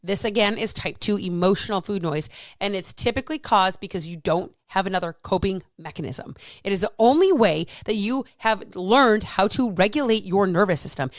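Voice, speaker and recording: A woman in her thirties or forties, a fitness coach talking casually and frankly, animated and swearing freely. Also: mid-range voice, no echo. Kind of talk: casual solo talk.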